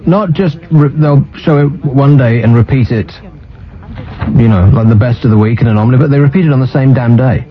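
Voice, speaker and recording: A man's voice: medium pitch, brisk. A man hosting a talk radio show, ranting sardonically and mocking what he's seen on TV. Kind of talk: casual on-air banter. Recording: muffled radio broadcast.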